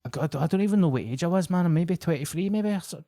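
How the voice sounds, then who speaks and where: A man's voice: on the high side, quick pace, no room sound, studio quality. Scottish man telling a wild gig story. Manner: animated, swearing, acting out quoted locals. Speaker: guest comedian. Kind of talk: casual podcast storytelling.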